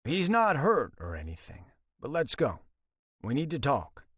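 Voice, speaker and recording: A man's voice: mid-range voice, huge pitch swings, a little slow, fairly bright tone, slightly rough, no echo, studio quality, voice pushed up, exaggerated voice. A male audiobook narrator voicing a worried middle-aged father who explains things in an earnest, level way. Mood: concerned.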